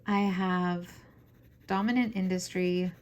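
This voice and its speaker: A woman with a scratchy, hoarse voice chatting in a relaxed, enthusiastic way, with plenty of fillers. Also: lowish voice, slow, muffled recording. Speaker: fountain pen vlogger. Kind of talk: casual show-and-tell.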